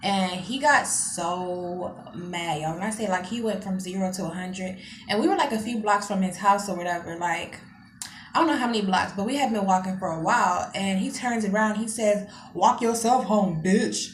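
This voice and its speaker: A young woman vlogger telling a dramatic story in a casual, profane, animated way. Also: medium pitch, normal speed, roomy sound, a little hiss or hum.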